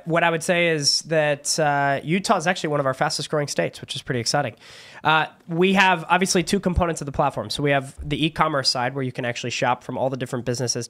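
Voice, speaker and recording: A man appearing as a guest on a talk show, giving an upbeat pitch for his business. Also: fairly bright tone. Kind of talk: casual studio talk show.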